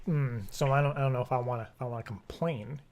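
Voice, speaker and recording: A man's voice: medium pitch, steady tone, fast talker, darkish tone. A man making a prank phone call, rambling and stammering in a mock-earnest way. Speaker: prank caller.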